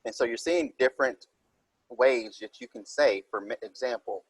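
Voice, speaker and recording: Husky-voiced man teaching a writing lesson. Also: medium pitch, moderate pace, no room sound, low-quality recording. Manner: explains step by step, reads example sentences aloud. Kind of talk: recorded writing minilesson.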